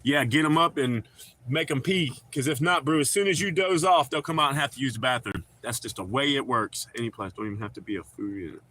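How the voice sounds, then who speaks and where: Medium-pitched and sharp, this man talks fairly quickly while hosting a laid-back livestream from his dog-filled home. His accent is North Carolinian though he's not from the state, and he rambles, cracks jokes and curses freely.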